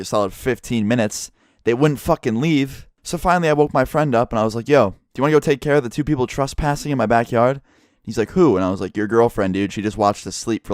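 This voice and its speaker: A man's voice: medium pitch, clean tone, no echo, clean studio sound. A young man vlogger telling a story in a blunt, heavily profane, casual way.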